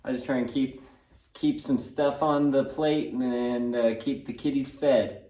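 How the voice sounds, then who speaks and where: A man's voice: mid-range voice, steady tone, measured pace, mellow, echoey room, far from the mic, soft background music. A man talking casually as he strips a car door in his garage, loose and joking, with lots of fillers and some swearing. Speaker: car vlogger working on a track build. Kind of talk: casual workshop commentary.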